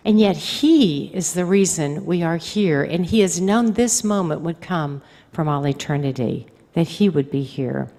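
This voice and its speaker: Religious sister telling a story in a hall. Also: female voice, low voice, animated, measured pace, dark tone. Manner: conversational storyteller, acts out quoted speech. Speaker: religious sister giving a convention talk. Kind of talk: storytelling talk to a congregation. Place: large hall. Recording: reverberant hall.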